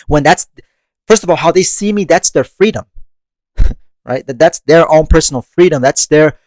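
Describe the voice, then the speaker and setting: This podcast host's voice sits a little high, and the recording is dry. He runs a monthly meditation show and muses on personal growth in a loose, chatty style, with frequent laughter and casual cursing.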